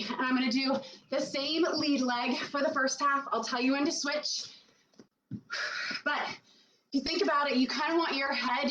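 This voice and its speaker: A woman's voice: high voice, fairly bright tone, echoey room, distant mic, muffled recording, slight background noise. A woman fitness coach giving workout instructions while exercising, out of breath and puffing between sets.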